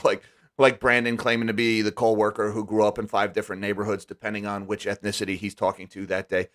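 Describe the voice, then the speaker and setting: A man's voice: on the low side, little pitch movement, a little fast, a bit bright. Candid, emphatic man hosting a live stream. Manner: candid, emphatic, often restarts words. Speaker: host. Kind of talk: casual live-stream chat.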